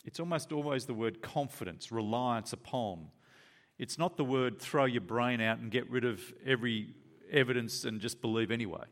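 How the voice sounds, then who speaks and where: A man preaching a sermon, reading scripture and then explaining it in an animated way, acting out the voices of Jesus and the disciples. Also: mid-range voice, normal speed.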